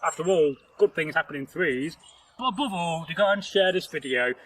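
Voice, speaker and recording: On a rough recording with a little hiss or hum, a man's slightly bright voice on the high side moves at a moderate pace. He's telling a folktale out in nature as the channel's storyteller and host, in a rambling, chatty style, joking and laughing with a companion.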